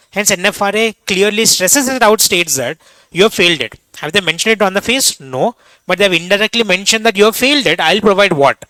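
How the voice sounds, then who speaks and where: A young man with an Indian English accent lectures on exam revision, firing quick questions at students. His voice is bright and a little high. The close mic sounds dry. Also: dry recording, poor audio. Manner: rapid, quizzing students with questions. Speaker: teacher.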